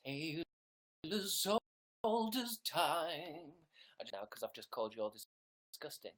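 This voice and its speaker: A man's voice: a little high, big pitch swings, unhurried, a bit bright. A young British man chatting sarcastically on a livestream from his bedroom, playing a mock diva. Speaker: livestream host. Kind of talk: casual livestream chat.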